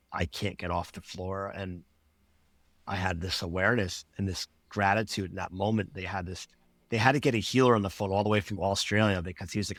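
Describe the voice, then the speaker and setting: A man's voice: deep voice, fairly bright tone, no room sound. A man who works as a life coach, telling a personal story as a podcast guest, earnest and rambling, acting out his past thoughts in quotes.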